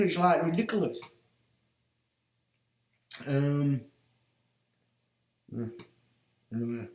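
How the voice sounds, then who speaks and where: Man, livestream host, rambling casual chat, blunt and sweary, slightly high voice, roomy echo. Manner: blunt, muttering asides, swears freely.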